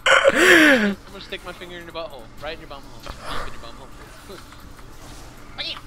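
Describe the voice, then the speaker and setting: A man gaming with friends, given to loud, crude, excitable outbursts. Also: sits high, brisk, crowd noise. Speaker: gamer. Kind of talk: casual gaming chat.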